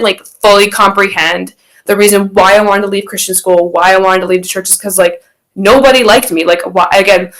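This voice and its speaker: Her voice mid-range and fairly bright, a young woman on a rough recording chats as a podcast guest. She tells a personal story in a rambling fashion, restarting often, leaning on fillers, and acting out the quotes.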